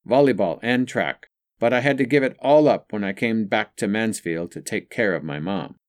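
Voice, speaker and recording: A man's voice: lowish voice, moderate pace, close to an everyday voice. A male narrator voicing a frank, wry young single mother in an audiobook story.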